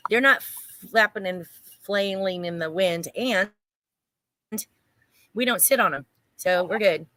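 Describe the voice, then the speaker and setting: Woman, bright voice, frank, playful, casual co-host, dry sound. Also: medium pitch, slow, dry recording. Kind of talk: casual live-stream chat.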